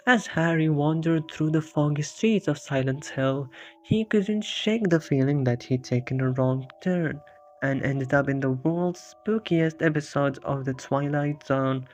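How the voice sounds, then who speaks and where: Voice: mid-range voice, measured pace. Dry jokey comedy narrator. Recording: dull lo-fi with faint music.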